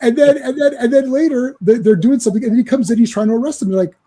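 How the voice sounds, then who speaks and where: A man hosting a casual movie chat, animated and acting out scenes as he retells a film. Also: very high-pitched, fast talker. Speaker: podcast host.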